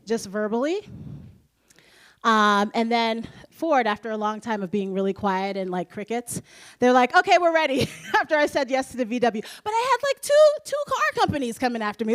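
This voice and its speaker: A woman in her thirties from the United States, giving an animated, laugh-filled presentation to an audience as a guest speaker, with many fillers. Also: on the high side. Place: school presentation room.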